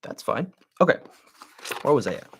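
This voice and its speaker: A man's voice: mid-range voice, sing-song, moderate pace, vocal fry, slight background noise. A man who invests in real estate, coaching on a live stream while making cold calls, talking loosely with plenty of filler words. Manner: loose and conversational, many "like" fillers.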